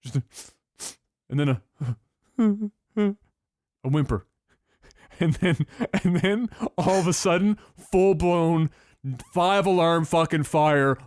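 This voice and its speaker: A young man telling a story on a podcast in a casual, profane, animated way. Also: on the high side, a little slow, no room sound, studio quality. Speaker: podcast co-host.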